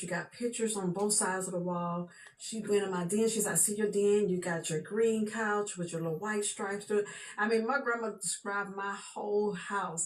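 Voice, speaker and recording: A woman telling a personal story in a casual, chatty way, often circling back with "she said" and "for real.". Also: lowish voice. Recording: echoey room with faint background noise.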